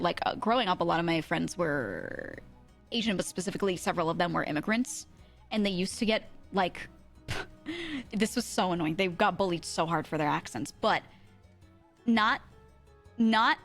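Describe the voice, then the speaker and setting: Chatty young woman streamer, quick laughs. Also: mid-range voice, a bit bright. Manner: chatty, laughs often, imitates accents. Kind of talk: casual chat.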